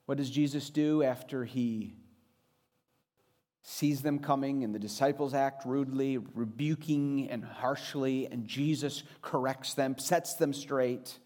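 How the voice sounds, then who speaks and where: A man preaching a sermon in an earnest way, shifting his pace and pitch for emphasis. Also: fairly even intonation, a little slow, darkish tone. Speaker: pastor.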